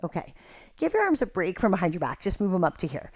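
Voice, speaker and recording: A woman's voice: fairly low pitch, big pitch swings, fast talker, a little mellow, no room sound, muffled recording. A woman teaching a Pilates workout at home, cueing each move with counts, a little out of breath. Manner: cueing moves with counts, laughing at herself. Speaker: Pilates instructor. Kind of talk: guided workout instruction.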